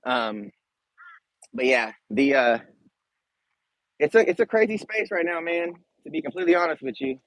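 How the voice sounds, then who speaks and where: A man's voice: fairly high pitch, sing-song, moderate pace, vocal fry, pauses often, fairly bright tone, no echo, rough recording. A man hosting a casual livestream, chatting straight to viewers in a laid-back, slangy way. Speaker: YouTube reaction channel host.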